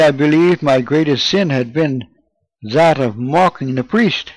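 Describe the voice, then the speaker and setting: A man reading a first-person memoir aloud in a measured, deliberate way. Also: mid-range voice, no echo, low-quality recording. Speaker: audiobook narrator. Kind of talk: scripted memoir narration.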